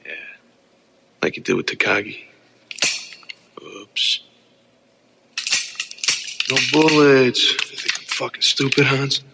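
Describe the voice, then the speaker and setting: A man's voice: mid-range voice, takes it slowly, creaky, pauses often, sharp tone, a little hiss or hum, exaggerated voice. An actor playing a wisecracking tough cop hero who taunts his enemy sarcastically. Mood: mocking.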